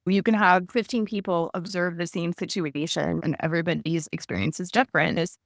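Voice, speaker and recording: Lively woman retelling her story. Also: on the low side, a little fast, no echo, clean studio sound. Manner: animated, acts out quoted dialogue. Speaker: guest recounting her birth. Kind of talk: conversational storytelling.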